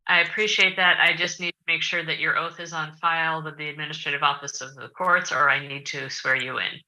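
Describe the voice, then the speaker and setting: This is a woman judge with a low voice working through court business in a formal, measured way. Her tone is sharp and forceful. Each step of the procedure comes out clearly and deliberately. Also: steady tone, rough recording.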